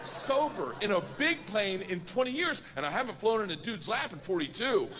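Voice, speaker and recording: A man tells a crude story on a comedy stage, loud and brash, in a high voice that swings up and down. A live club crowd is clearly heard behind him. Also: very animated, moderate pace, background noise. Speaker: stand-up comedian. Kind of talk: stand-up storytelling.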